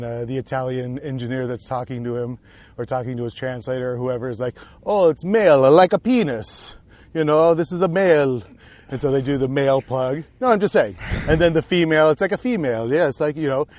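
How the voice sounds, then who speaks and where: A man's voice: medium pitch, a little mellow. A man co-hosting a podcast, rambling and musing aloud in casual chat while hiking outdoors on a trail. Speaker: podcast co-host.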